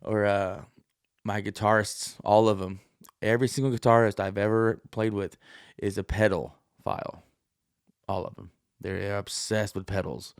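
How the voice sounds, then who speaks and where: Gravelly low-voiced man rambling profanely. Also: steady tone, normal speed, dry recording, clean studio sound. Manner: profane, jokey, puts on high voices to act out stories. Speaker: podcast host. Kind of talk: rambling casual monologue.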